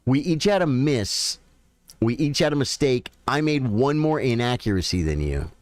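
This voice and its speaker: A man's voice: medium pitch, expressive, normal speed, darkish tone, no room sound. Chatty male chess streamer, dry sound. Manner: chatty, thinks aloud, addresses viewers directly. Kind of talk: casual live-stream commentary.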